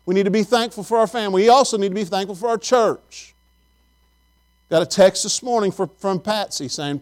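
Folksy high-voiced pastor. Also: male voice, a little fast, a little mellow. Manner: folksy, storytelling, chatty with the congregation. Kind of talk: sermon.

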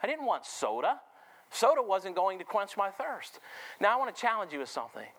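A middle-aged male preacher with a high voice delivers a sermon in a church full of people. He tells stories and keeps turning to the congregation with questions. His pitch climbs and swoops as he builds his points. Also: very animated, a little fast, fairly bright tone. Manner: storytelling, asks the congregation questions.

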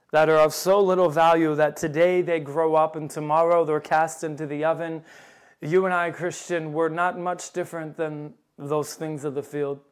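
A male preacher delivers a fervent sermon in a high, ringing voice. He leans into old scripture wording and presses his listeners with urgent questions. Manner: fervent, rising to loud emphatic appeals.

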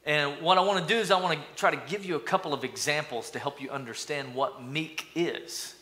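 Bright-voiced preacher, lively and playful. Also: male voice, fairly quick. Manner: energetic, playful, calls for responses from the congregation; acts out mock voices with sudden high-pitched bursts. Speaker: pastor. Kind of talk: sermon.

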